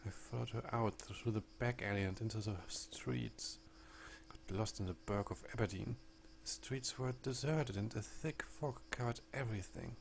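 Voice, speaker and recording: A man voicing a composed Victorian woman who survived an ordeal and calmly recounts it in a game read aloud. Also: fairly low pitch, creaky, a little hiss or hum. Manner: proud, measured storytelling.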